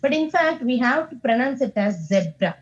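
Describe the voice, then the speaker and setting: A woman's voice: sits high, expressive, moderate pace, dull audio. A woman with an Indian English accent, teaching an online English class and explaining patiently with many fillers.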